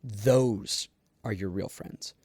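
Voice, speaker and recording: A man's voice: lowish voice, slow, a little mellow, breathy edge, dry recording. Chatty male podcast host, dry sound. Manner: casual and rambling, with fillers and self-laughs. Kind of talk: solo podcast monologue.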